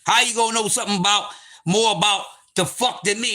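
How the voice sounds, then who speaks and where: A man hosting a livestream, telling a story in a loud, profane, laughing, casual way. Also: high-pitched, normal speed. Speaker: livestream host.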